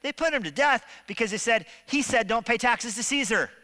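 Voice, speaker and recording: Bright-voiced pastor preaching in a reverberant hall. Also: male voice, extremely high pitch, fairly quick. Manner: animated preaching with shifting loudness and rhetorical questions. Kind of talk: sermon. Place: church sanctuary. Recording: long reverb of a church hall.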